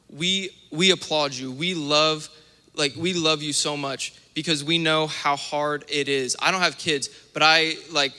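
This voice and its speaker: Bright young preacher in a reverberant church. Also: male voice, a little high. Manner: animated storytelling with acted-out asides. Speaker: minister. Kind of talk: sermon. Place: church sanctuary. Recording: long church hall reverb.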